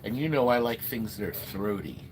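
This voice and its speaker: A man's voice: fairly low pitch, sing-song, normal speed. A middle-aged man hosting a casual livestream, chatting in a rambling way and greeting viewers by name. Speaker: livestream host selling arcade games. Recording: noisy room ambience.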